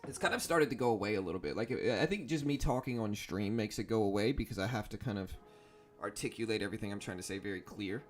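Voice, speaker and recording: Relaxed Southern man livestreaming. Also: lowish voice, quick pace. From South Louisiana. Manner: relaxed, rambling, lots of fillers. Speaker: stock trading livestream host. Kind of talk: casual livestream chat.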